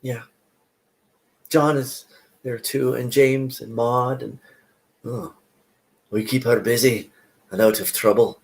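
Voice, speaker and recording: A man voicing a quietly hurt young woman. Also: mid-range voice, fairly even intonation, slow pace, vocal fry, long pauses. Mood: wounded. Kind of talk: solo play reading.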